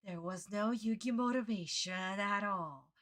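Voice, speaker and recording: Woman streamer ranting under her breath, slow and bright, cussing a lot. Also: medium pitch. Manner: exasperated, swearing, keeping her voice hushed. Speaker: streamer reacting to an anime dub. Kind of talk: casual reaction commentary.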